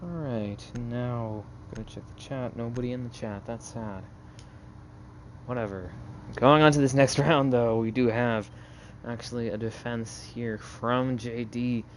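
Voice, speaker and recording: A man casting an esports match on his own, mixing quick play-by-play with loose, rambling asides to viewers. He speaks into a close mic at a middling pitch. Gunfire and game sounds keep up clearly behind him. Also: steady tone, noisy background. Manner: casual, rambling, chats with viewers between plays. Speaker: solo esports caster. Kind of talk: live esports play-by-play commentary.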